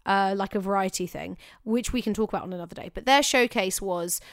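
A woman's voice: medium pitch, brisk, no echo, studio quality. A young woman co-hosting a casual talk show, giving acting advice in an emphatic, chatty way that often corrects itself. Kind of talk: casual chat.

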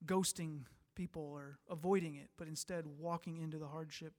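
A male pastor delivering a sermon, reading scripture and then speaking earnestly, rising to emphatic peaks and falling to soft, quiet passages. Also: on the high side, fairly even intonation, normal speed. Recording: long hall reverb.

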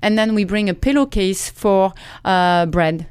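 A woman's voice: medium pitch, a little slow, a little mellow, smooth, dry recording. A woman guest being interviewed in a studio, explaining her everyday habits step by step in a practical way. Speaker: guest author. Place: radio studio.

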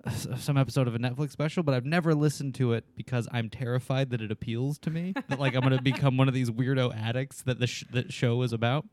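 A man's voice: mid-range voice, steady tone, fast, hardly any pauses, darkish tone, dry recording. A man co-hosting a casual podcast, rambling and poking fun at himself. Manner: rambling, self-mocking, laughs. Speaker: podcast co-host.

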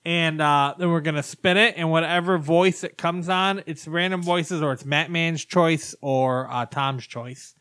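A man's voice: a little high, a little slow, few pauses, fairly bright tone, clear, resonant tone. A man hosting a casual podcast, rambling through explanations and laughing often. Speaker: podcast host. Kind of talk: casual chat.

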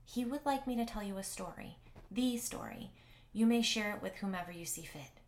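A woman's voice: mid-range voice, lively intonation, normal speed, voice pushed up, natural voice. A woman voicing a nervous, stiffly formal woman. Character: nervous woman relaying an alien's words.

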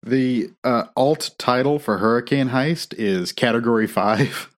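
A man's voice: medium pitch, a little slow. A man on a casual movie podcast, giving dry, offhand remarks. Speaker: podcast co-host.

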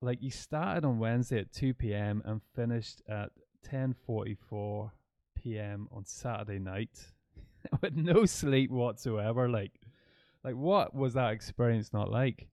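A man hosting a running podcast, telling stories in a lively, laughing way. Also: medium pitch, measured pace, no echo. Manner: animated storyteller, laughs often. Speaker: podcast host. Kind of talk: conversational interview.

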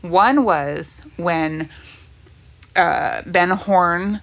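A woman co-hosting a casual podcast, going through a cast list in a relaxed, chatty way. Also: lowish voice, very slow. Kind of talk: casual chat.

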